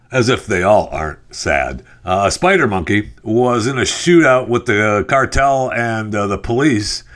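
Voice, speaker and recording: A middle-aged man with a very low, deep voice hosts a podcast in a casual commentary style. He rambles through the news with many fillers and drops sarcastic asides as he goes. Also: fairly bright tone. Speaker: podcast host.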